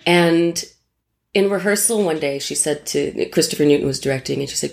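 A woman's voice: sits low, fairly quick, creaky. A woman stage actor casually telling an anecdote in conversation, candid and self-mocking, swearing freely.

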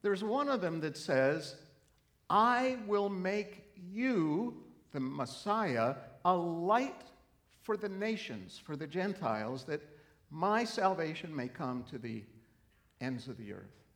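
A middle-aged pastor delivers a sermon at an unhurried pace, his voice sitting a little on the high side. He tells a story earnestly and then builds to emphatic, lifted preaching. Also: sing-song.

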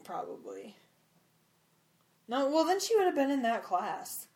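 A woman's voice: sits high, sing-song, unhurried, a little mellow. Giggly woman podcast co-host. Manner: giggly, recaps chapters. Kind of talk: casual chat.

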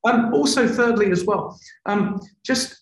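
A man who works as a TV presenter, explaining his technique in an expressive, tone-varied way. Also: high-pitched, unhurried, echoey room, low-quality recording. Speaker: TV presenter, guest.

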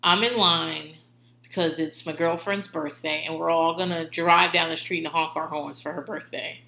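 A woman doing a quick lower impression of her blunt, exasperated older mother, grumbling and dismissive. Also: fairly even intonation, creaky, pushed and bright, echoey room, slight background noise, exaggerated voice.

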